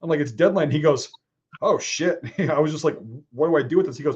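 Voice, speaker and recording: A man hosting a casual online stream, telling stories in a profane, animated way. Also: fairly high pitch, a little fast, highs cut off. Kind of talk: casual chat.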